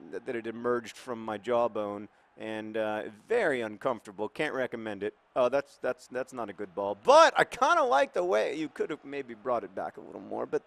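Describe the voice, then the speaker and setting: A man's voice: medium pitch, moderate pace, gravelly. A man hosting a football management game in casual, rambling, wry commentary, his mouth numb after oral surgery.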